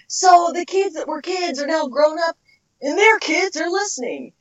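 A woman's voice: high voice, sing-song, normal speed. Middle-aged lady voice actor, chatty and giggly, muffled lo-fi audio. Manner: chatty, laughs often, searches for words. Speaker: voice actress, guest. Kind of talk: casual interview chat. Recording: dull lo-fi recording.

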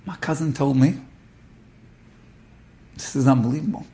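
A man giving a storytelling sermon as a religious teacher, dramatic, dropping to hushed tones and rising to impassioned peaks. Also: mid-range voice, normal speed.

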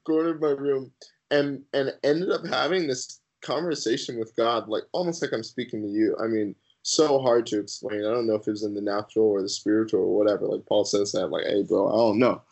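A man guest on a podcast sharing his personal faith testimony in an earnest, halting way with many fillers. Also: lowish voice, steady tone, darkish tone, rough recording.

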